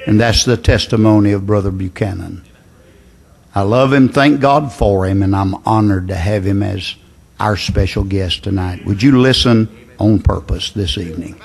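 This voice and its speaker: A man's voice: lowish voice, moderate pace, vocal fry, a little mellow, husky. A man, the church's pastor, introducing a guest preacher with fervent praise. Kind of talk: sermon introduction.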